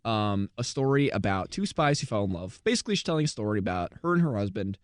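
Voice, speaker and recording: A man's voice: fairly low pitch, very animated, fast, dry recording. A man co-hosting a casual chat, retelling a movie plot with lots of fillers. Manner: rambling with fillers and laughs. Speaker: podcast co-host.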